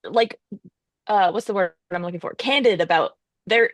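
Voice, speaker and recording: A woman's voice: medium pitch, moderate pace, no room sound. A woman co-hosting a casual chat, giving wry, quippy opinions. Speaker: podcast co-host.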